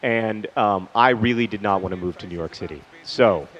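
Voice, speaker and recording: A man's voice: lowish voice, moderate pace, fairly bright tone. A man hosting a gaming video, telling a personal story in a casual, rambling way and breaking off mid-sentence to comment on the match. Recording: dull lo-fi recording, faint hiss.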